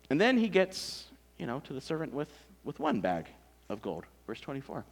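A man preaching a sermon in a conversational, animated storytelling way, full of asides. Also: medium pitch, moderate pace, gravelly. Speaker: pastor.

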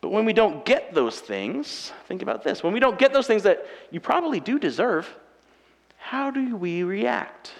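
A married man preaching a sermon with animated, self-mocking humor, acting out everyday quarrels. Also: sits high, normal speed, gravelly. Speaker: pastor. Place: church auditorium. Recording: long reverb of a large hall.

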